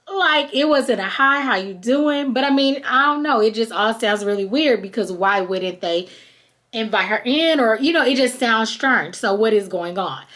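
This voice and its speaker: A woman's voice: fairly high pitch, normal speed. Chatty woman recapping a reality show. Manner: chatty and animated, acts out quoted people. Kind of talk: casual recap chat.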